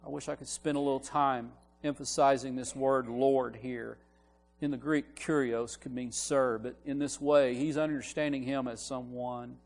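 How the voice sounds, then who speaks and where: A man's voice: mid-range voice, a little slow, a little mellow, in a large hall, soft background music. A man preaching a sermon, explaining a Bible passage in an earnest teaching manner and building emphasis on key words, with frequent restarts. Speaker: minister. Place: church sanctuary.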